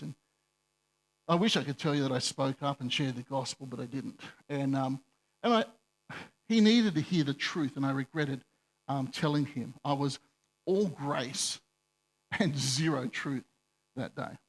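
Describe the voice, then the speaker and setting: Speaking at an unhurried pace with a fairly high voice, this pastor shares a story from his own life. His sermon is chatty and pokes fun at himself, livening up whenever he recounts what people said.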